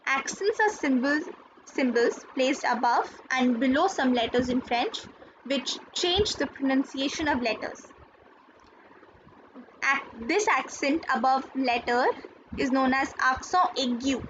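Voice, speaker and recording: A woman gives a patient, unhurried lesson in a high voice, saying each word and then repeating it. She spells things out carefully. The recording is dull and lo-fi with a faint hiss behind her. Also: a bit bright. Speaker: French teacher. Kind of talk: slow classroom explanation.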